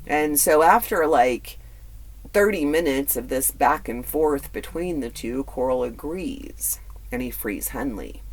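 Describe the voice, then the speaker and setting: A man's voice: mid-range voice, lively intonation, measured pace. A man hosting a true crime podcast, telling the story in a casual, conversational way with blunt, profane asides and lots of fillers. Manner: filler-heavy, repeats words.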